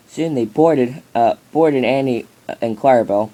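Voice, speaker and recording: A man's voice: mid-range voice, measured pace, mellow. A man improvising narration of a toy train story, rambling with many restarts and fillers.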